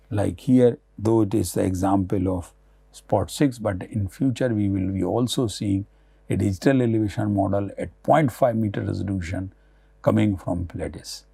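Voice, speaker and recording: A man giving a recorded academic lecture, halting often with fillers and restarts. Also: on the low side, creaky, dark tone, husky, no echo.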